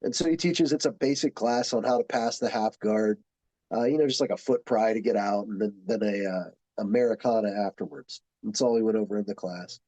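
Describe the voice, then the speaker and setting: A man's voice: lowish voice, a little fast, no room sound, poor audio. A man who teaches jiu-jitsu, telling stories in casual podcast chat and acting out the people he quotes. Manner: animated storyteller, acts out quotes.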